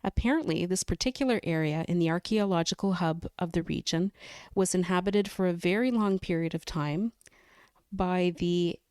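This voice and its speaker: Smooth-voiced woman reading a novel. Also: on the low side, a little mellow, no room sound, studio quality. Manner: careful, measured reading with light laughs. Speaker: podcast guest.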